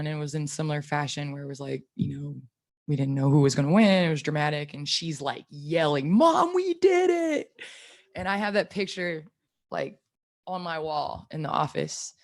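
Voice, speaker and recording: A woman's voice: low-pitched, fairly even intonation, normal speed, darkish tone. A woman basketball player in her thirties answers at a post-game press conference. She is playful and chatty, then earnest and reflective.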